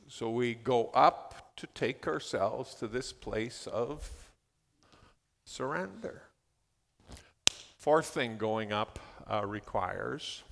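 A man preaching a sermon as a pastor, moving from steady teaching into fervent spoken prayer. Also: on the low side, gravelly. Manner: builds to near-shouting fervent prayer. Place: church hall. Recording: long hall reverb.

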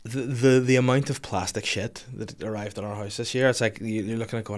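A man, hosting a podcast in a lively, joking, casual chat. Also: fairly low pitch, a little fast. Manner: lively, joking, swearing freely. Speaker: podcast host.

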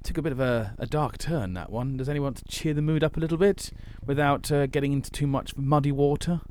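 A man's voice: a little high, fast talker, a little mellow, a little hiss or hum. Man, playful casual chat, hesitant fillers, faint clicks. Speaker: podcast co-host.

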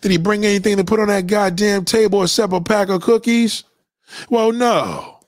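A man streaming a casual, profane monologue, preachy and animated as he lectures his viewers. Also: high voice, normal speed, no room sound, clean studio sound. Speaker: live streamer.

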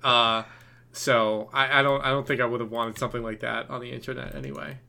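Bright-voiced man telling rambling podcast stories. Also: mid-range voice, brisk, creaky. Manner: rambling, animated storytelling with many fillers. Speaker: podcast co-host. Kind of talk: casual storytelling chat.

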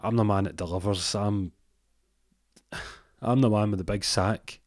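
A man's voice: lowish voice, fairly even intonation, measured pace, no room sound, clean studio sound, natural voice. A man voicing a deluded stoner man who believes he is Santa, talking in a rambling, grandiose way.

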